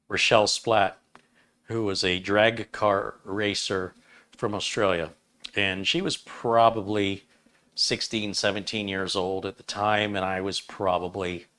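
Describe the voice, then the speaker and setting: A man's voice: fairly low pitch, pushed and bright. A man in his fifties hosting a casual livestream chat, rambling and joking at his own expense. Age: 50s. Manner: rambling, self-deprecating, jokey. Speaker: livestream host.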